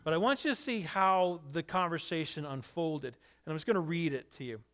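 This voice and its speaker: A man preaching a sermon, telling a story in an animated way and asking his listeners questions. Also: fairly high pitch, normal speed. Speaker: pastor.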